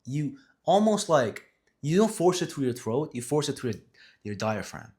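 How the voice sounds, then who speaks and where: A man's voice: fairly high pitch, very animated, normal speed, a little mellow. Rambling, self-correcting man talking to camera. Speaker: vlogger on communication skills. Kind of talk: casual talk to camera. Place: seated in front of a camera.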